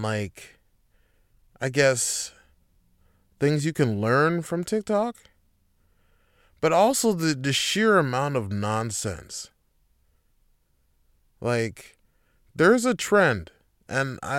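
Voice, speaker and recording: A young man hosting a solo podcast, ranting in a casual, profane, animated way. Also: medium pitch, slow, long pauses, smooth, dry recording, clean studio sound. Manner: frequent fillers and restarts. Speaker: podcast host. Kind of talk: casual chat.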